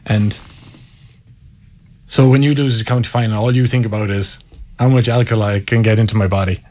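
A man's voice: fairly low pitch, steady tone, a little fast, darkish tone. A man with an Irish accent, a former Gaelic footballer telling wry, candid stories in an interview. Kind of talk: casual storytelling interview.

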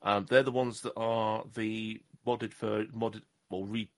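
A podcast co-host from southwest England talks slowly in a fairly low, level voice. His casual chat rambles, and he jokes at his own expense.

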